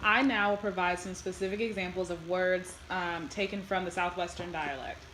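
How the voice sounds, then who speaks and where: A woman with a lowish voice reads a prepared presentation plainly. The room is echoey, and steady noise runs clearly behind her. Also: normal speed. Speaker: student presenter.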